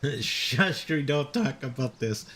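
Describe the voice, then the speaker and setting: A man's voice: medium pitch, lively intonation, slow, a bit bright. A man in his fifties, a game streamer chatting casually with viewers in chat while he plays. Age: 50s. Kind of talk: casual live-stream chat over gameplay.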